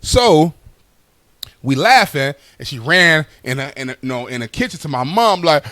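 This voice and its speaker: A man's voice: a little high, very animated, normal speed, sharp tone, no room sound. A young man telling stand-up stories in a loose, conversational way, tagging lines with "right?". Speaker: stand-up comedian. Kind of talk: stand-up storytelling.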